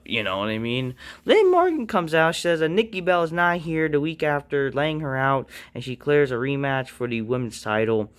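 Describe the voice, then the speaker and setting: A man's voice: animated, moderate pace, fairly bright tone. A man reviewing a wrestling show in a casual rant, blunt and profane, with fillers and restarts. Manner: mocking high-pitched impressions of others.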